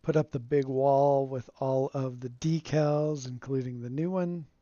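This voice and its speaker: A man streaming a game, giving relaxed, rambling commentary and chuckling often, recorded on a home streaming mic. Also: mid-range voice, a little slow, no echo. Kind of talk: casual gameplay commentary. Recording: dull lo-fi dry sound.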